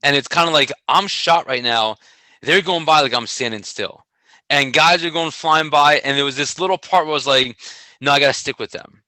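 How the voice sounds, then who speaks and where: A middle-aged man co-hosting a casual podcast, telling a story in an animated way and laughing often. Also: fairly high pitch, normal speed, dry recording, poor audio. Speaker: podcast co-host, track coach. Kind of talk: casual chat.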